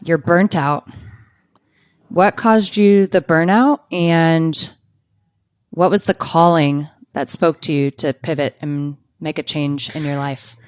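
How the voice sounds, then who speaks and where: A woman's voice: deep voice, fairly even intonation, slow, smooth. A woman hosting an interview, asking questions in an encouraging way. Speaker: host.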